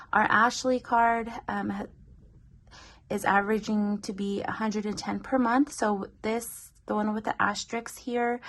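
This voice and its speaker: A woman's voice: medium pitch, fairly bright tone. A young pregnant woman, a little out of breath, chatting casually through her family's monthly budget with many fillers. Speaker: budgeting vlogger.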